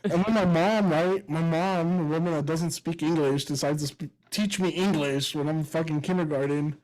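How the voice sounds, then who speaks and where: Male podcast host, raised pitch, crude and animated storyteller. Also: moderate pace, rough recording. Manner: crude, animated storytelling with frequent laughs and swearing. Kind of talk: casual chat.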